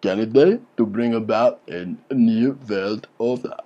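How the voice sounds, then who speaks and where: A man doing a mock impression of an elderly statesman in a heavy, deliberate voice. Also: fairly low pitch, dark tone, lo-fi sound, voice pushed down, lightly acted. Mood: ominous.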